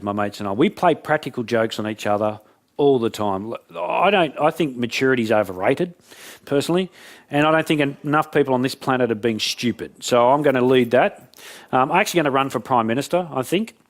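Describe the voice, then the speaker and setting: A man gives a keynote talk. His voice sits in a middle pitch, and he tells stories in an animated, joking manner. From Australia. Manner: animated, jokey storyteller. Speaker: motivational speaker.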